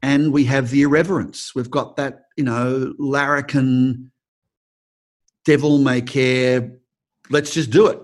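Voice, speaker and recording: A middle-aged man with an Australian accent talks as an acting teacher in an interview. He tells his stories in a lively, expressive way, stumbling and restarting now and then. His voice sits at a middle pitch. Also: slow pace. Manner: expressive, acts out quoted people, frequent restarts. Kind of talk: interview answers, storytelling.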